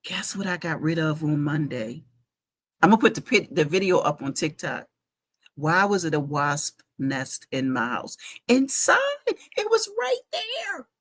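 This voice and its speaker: A woman's voice: low voice, lively intonation, unhurried. A middle-aged woman, chatting animatedly to viewers in a casual livestream from her home basement, speaking into a phone. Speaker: fashion week organizer giving a live update.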